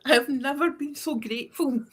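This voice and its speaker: A woman's voice: high voice, moderate pace. A Scottish woman co-hosting a tarot livestream, chatting casually, laughing often and swearing now and then. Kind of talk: casual chat.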